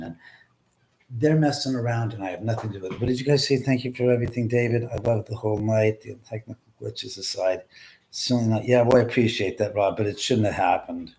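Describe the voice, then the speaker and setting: A man hosting a live stream, swearing in frustration at technical glitches, swinging from muttering to shouting. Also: on the low side, fast. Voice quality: loud profane outbursts, swinging from mutters to shouts. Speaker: livestream host. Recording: roomy echo, mic at a distance.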